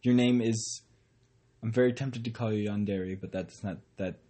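A young man with a husky, slightly breathy voice talks loudly and rambles through a casual podcast chat. He laughs easily and is recorded on a tablet's built-in microphone. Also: on the low side, steady tone, normal speed. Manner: loud, giggly, rambling. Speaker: podcast co-host. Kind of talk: casual banter.

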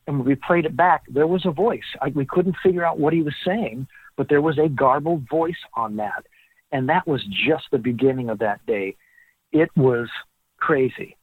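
A man, the guest author in an interview, telling an animated story and acting out what people said. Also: on the high side, moderate pace, slightly rough, no echo. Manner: animated storyteller who acts out the dialogue. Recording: tinny phone-like line, dry.

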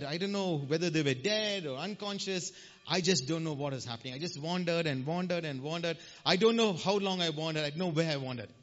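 A man preaching a personal testimony sermon, impassioned, repeating phrases and swinging between shouting and hushed speech. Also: a little high. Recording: dull lo-fi sound.

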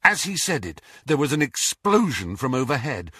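A man narrating an audiobook chapter with expressive storytelling. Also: mid-range voice, normal speed, breathy edge, no echo, clean studio sound. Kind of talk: scripted narration.

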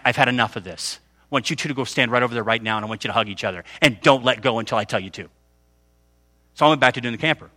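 A man's voice: fairly high pitch, sharp tone. A middle-aged man preaching a conversational sermon, often checking in with his listeners. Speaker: pastor.

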